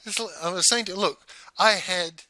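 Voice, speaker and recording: A man's voice: high voice, moderate pace, bright, forceful tone, dry recording, low-quality recording. A man, a former salesman, telling his own story frankly, with bursts of indignation. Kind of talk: candid personal storytelling.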